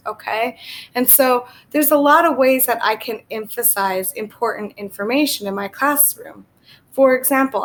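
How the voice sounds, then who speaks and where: Female teacher, young adult, slightly high voice, clear vocab-lesson delivery with frequent check-ins. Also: a bit bright. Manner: repeats key words and checks in with "okay?". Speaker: English teacher.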